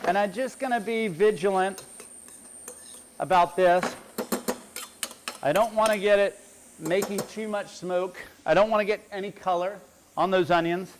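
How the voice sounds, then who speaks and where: A man's voice: high-pitched, moderate pace, pauses often, background noise. A middle-aged man, a chef, giving a chatty cooking demonstration and explaining each step as he works. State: teary from onions.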